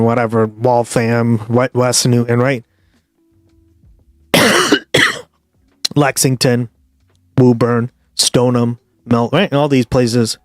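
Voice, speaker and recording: A man's voice: mid-range voice, no room sound, clean studio sound. A man from the Boston area with a Boston accent, chatting casually and profanely to viewers on a live stream. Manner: rambling, profane, addresses viewers directly. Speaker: livestream host.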